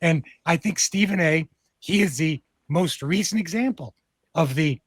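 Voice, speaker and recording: A man's voice: fairly high pitch, lively intonation, measured pace, husky, no room sound. A man with a Texan accent hosting a comedy podcast, ranting emphatically with heavy profanity. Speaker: podcast host. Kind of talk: casual comedic political chat.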